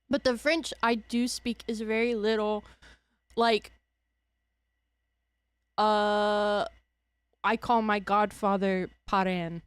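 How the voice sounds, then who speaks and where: A young Louisiana woman with a Cajun accent speaks in a mid-range, smooth voice, extremely slowly and with frequent pauses, with no echo. She's a streamer chatting casually, rambling, correcting herself, and laughing often.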